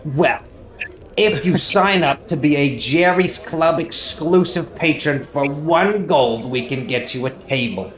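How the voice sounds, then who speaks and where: A man's voice: a little slow, close to an everyday voice. A man doing Jerry, a pushy salesy tavern keeper. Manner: upbeat salesy pitch. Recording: roomy echo.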